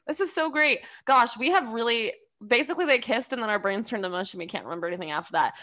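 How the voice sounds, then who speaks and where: Bright, chatty woman co-host. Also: on the high side, rapid-fire. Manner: animated, chatty, heavy use of "like". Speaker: podcast co-host. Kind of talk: casual book discussion.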